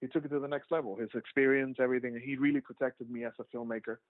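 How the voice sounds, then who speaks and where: A man's voice: medium pitch, fairly even intonation, rapid-fire, no echo. A man who makes documentaries, telling his story in a casual, rambling way full of "like" and restarts. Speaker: documentary filmmaker. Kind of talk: casual storytelling interview answers. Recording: tinny phone-like line, dry.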